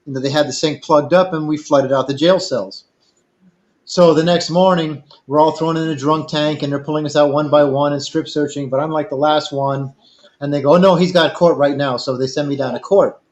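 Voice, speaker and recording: A man's voice: a little high, fairly even intonation, fairly quick, darkish tone, highs cut off. An older man casually telling a long, rambling personal story, acting out the other people in it. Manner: rambling anecdotal, quotes others in dialogue. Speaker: storyteller guest.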